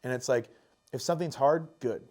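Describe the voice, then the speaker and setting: A man talking on a relaxed podcast, rambling through his thoughts. He fills his speech with "like" and "dude" and swears freely. His voice sits at an ordinary pitch for a man. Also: fairly quick. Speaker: podcast guest. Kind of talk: casual chat.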